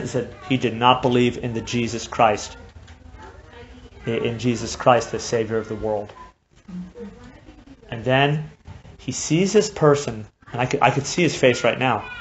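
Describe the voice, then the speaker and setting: A man preaching a sermon in an impassioned way, moving from hushed, quiet stretches to loud, fervent passages. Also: medium pitch. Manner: impassioned, swings from hushed to shouting. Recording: dull lo-fi recording with faint noise.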